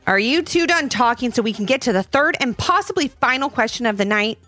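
A woman's voice: high-pitched, big pitch swings, normal speed, a bit bright, faint music behind, pitched above the performer's own voice, exaggerated voice. A woman reading a children's storybook, voicing a grumpy, smug male math master with a curt, annoyed manner.

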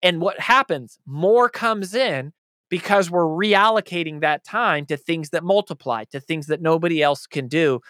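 A man's voice: fairly high pitch, lively intonation, normal speed, a bit bright, no room sound, studio quality. A man speaking as an author being interviewed, talking in a passionate, emphatic way. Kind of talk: conversational interview answers.

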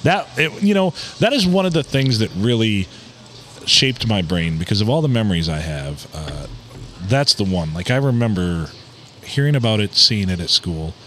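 A man's voice: lowish voice, very animated, normal speed, fairly bright tone, soft background music. Crude, joking male podcast co-host. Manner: crude, jokey, laughs often. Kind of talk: casual banter.

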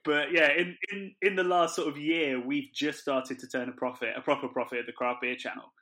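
Bright-voiced male podcast host. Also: on the high side, fairly even intonation, brisk. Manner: chatty, self-deprecating, laughs often. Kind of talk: casual podcast chat.

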